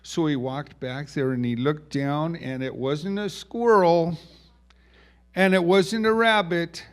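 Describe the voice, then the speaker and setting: A man telling a children's story in a slow, folksy way, asking the listeners questions and putting on small voices for the characters. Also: fairly high pitch, steady tone.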